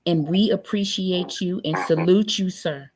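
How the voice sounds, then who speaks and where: A woman's voice: on the low side, unhurried, a crowd in the background. A woman hosting a livestream, effusive and upbeat as she talks to her guest and viewers. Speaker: livestream host. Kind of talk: casual chat.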